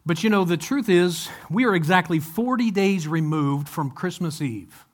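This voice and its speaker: A man delivers a Sunday sermon in a high voice. He talks loosely and conversationally. He keeps turning to the congregation with rhetorical questions. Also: moderate pace. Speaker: pastor.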